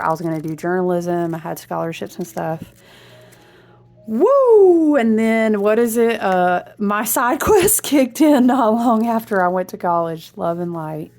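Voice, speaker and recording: Chatty, excitable woman with a gravelly edge. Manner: animated and chatty, jumps between topics, frequent high exclamations; speaks to viewers as friends, slangy and warm-hearted. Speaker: tarot reader. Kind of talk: casual spiritual vlog chat.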